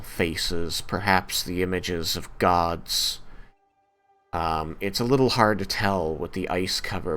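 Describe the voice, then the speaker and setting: A man narrating a tabletop fantasy game as game master, in a measured, descriptive way. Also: deep voice, a bit bright.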